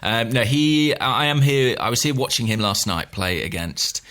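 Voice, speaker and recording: A man co-hosting a podcast, joking around and chatting in a playful, animated way. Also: mid-range voice, moderate pace. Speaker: podcast co-host. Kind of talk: casual podcast chat.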